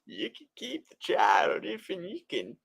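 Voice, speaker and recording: A man putting on the voice of a sly, demanding little fairy-tale imp, high and drawn out. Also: wildly swooping pitch, measured pace, creaky, fairly bright tone, slightly rough, full character voice. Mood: sly taunting.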